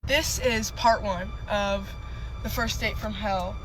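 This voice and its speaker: A woman's voice: mid-range voice, slow, poor audio. A woman telling a dating storytime in the second person, in a wry, sarcastic way. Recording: clear background music under the voice.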